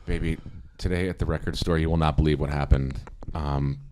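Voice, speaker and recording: A man's voice: a bass voice, fairly even intonation, a little fast, darkish tone, a little hiss or hum, pitched below the performer's own voice. A man in an improv comedy scene playing an exasperated record store clerk. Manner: exasperated, talking over the others.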